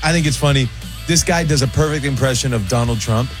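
A man's voice: medium pitch, fast talker, over music. Laid-back male radio host. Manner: laughing, casual, repeats himself. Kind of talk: casual radio chat.

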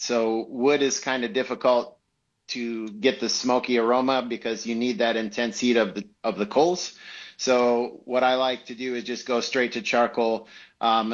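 A man, a chef guest, explaining how he grills chicken in detailed, relaxed talk. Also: mid-range voice, dull audio. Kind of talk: casual interview.

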